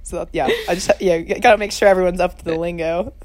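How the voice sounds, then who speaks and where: Talking fast with a fairly even intonation, a young woman with a fairly low voice co-hosts a student podcast. The chat is casual and rambling, full of self-deprecation, and there's no echo.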